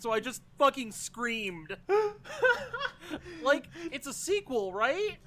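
A man co-hosting a podcast in casual chat, excitable, who yelps and swears when surprised. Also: very high-pitched, very slow, pauses often, shouting. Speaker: podcast co-host.

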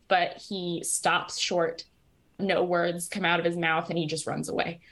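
A woman's voice: mid-range voice, a bit bright. A woman co-hosting a podcast, casually retelling scenes and quoting lines with a laugh. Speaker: podcast co-host. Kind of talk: casual recap chat.

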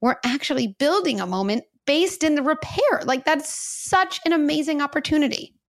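A woman's voice: sits high, expressive, normal speed. A woman guest in a podcast interview, explaining step by step and guiding listeners through a simple exercise. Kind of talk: conversational interview.

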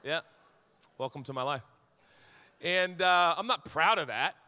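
A man's voice: high voice, lively intonation, normal speed, long pauses, sharp tone, clean tone, long reverb tail. A man in his forties, a pastor giving a sermon in a candid, conversational, storytelling way. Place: large hall with congregation.

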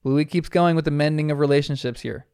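A man's voice: a little high, steady tone, fast talker, smooth, no room sound, clean studio sound. A man giving an earnest, reflective episode recap commentary as a show reviewer. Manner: earnest, reflective retelling with soft laughs.

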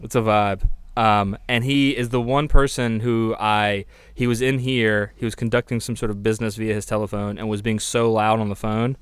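A man's voice: lowish voice, flat delivery, normal speed, clear, resonant tone, no room sound. A man co-hosting a podcast in casual chat, telling a work story with lots of laughs and acted-out voices. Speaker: podcast co-host; record store worker.

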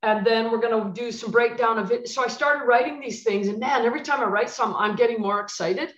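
A woman's voice: a little high, fast talker, reverberant, muffled recording. A woman who used to coach basketball and now coaches clients, telling stories in a podcast chat and acting out the dialogue with emphatic repeats. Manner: animated, acts out dialogue with emphatic repetition. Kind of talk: podcast conversation, storytelling.

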